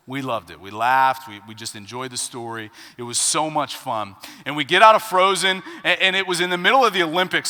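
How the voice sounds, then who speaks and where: A man in his thirties delivers a sermon as a pastor, his bright, slightly high voice ringing out in a reverberant sanctuary. He tells stories with sharp swings from quiet asides to loud, emphatic punchlines. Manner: storytelling with wide swings between hushed and loud. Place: church sanctuary. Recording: reverberant church hall.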